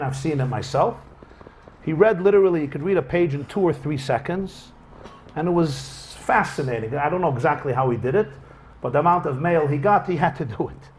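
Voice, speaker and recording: In a lecture hall with a live audience, a male rabbi tells a story to his class at a brisk pace. His somewhat high voice rises and falls a great deal as he animatedly acts out the dialogue, over faint background noise.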